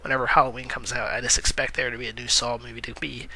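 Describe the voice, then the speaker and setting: A man chatting casually through movie news in a vlog, his voice very bright and sharp at a middling pitch. He rambles, drops frequent "uh"s and corrects himself mid-sentence, with a wry, self-amused manner. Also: flat delivery, fast talker, poor audio. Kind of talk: casual commentary.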